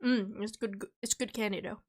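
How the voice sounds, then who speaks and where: A woman's voice: medium pitch, steady tone, a little fast, breathy edge. A young woman streamer chatting casually and jokingly while chewing candy, rambling through her thoughts. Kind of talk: casual livestream chat.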